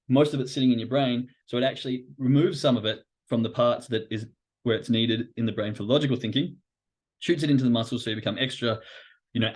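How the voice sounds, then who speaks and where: A man of middling pitch hosting a live trading-psychology stream. He is loose and animated, curses freely, and drops into quick acted-out inner voices as he explains. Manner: casual and animated, swears, acts out inner voices. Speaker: host.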